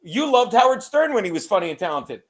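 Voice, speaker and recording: Man, high-pitched voice, podcast co-host, swears a lot, rambling, self-mocking. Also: very animated, quick pace. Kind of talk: casual podcast chat.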